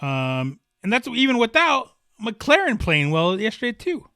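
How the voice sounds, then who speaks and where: A man hosts a solo sports podcast, talking in a passionate, rambling monologue with a swear word here and there. His voice sits a little high and sounds bright and forceful. The close mic gives a dry sound with no room around it. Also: huge pitch swings, a little slow, smooth, no room sound. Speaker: podcast host.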